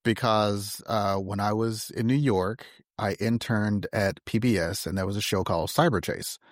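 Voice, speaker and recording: A man with a fairly low voice chatting casually with friends. He tells stories with animation and jumps way up in pitch when he quotes himself. The recording is dry and close. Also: moderate pace, no room sound. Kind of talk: casual chat.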